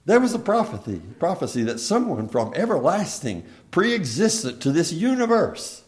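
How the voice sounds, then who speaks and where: A man preaching a sermon, telling the scripture plainly, swelling loud on key phrases and then dropping very soft and slow. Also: a little high, sing-song.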